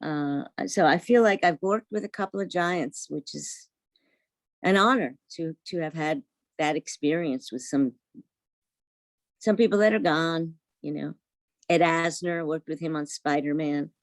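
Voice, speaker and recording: An older woman with a New York accent tells stories from her career in a lowish voice. She acts out the voices of the people she quotes, and the recording sounds dry and close. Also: a little slow, dry recording. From Brooklyn, New York. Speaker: voice actress guest. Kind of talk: casual interview chat.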